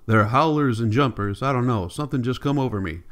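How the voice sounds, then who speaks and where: A man's voice: mid-range voice, brisk, fairly bright tone, natural voice. A man reading the part of a tired, stern migrant mother in an audiobook, weary and firm.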